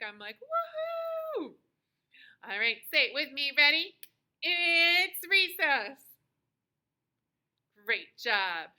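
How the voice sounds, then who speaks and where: A young woman teaches a lesson to small children in a high, bright voice. She speaks slowly and deliberately, with a sing-song lilt. Her tone stays cheerful and encouraging throughout. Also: low-quality recording.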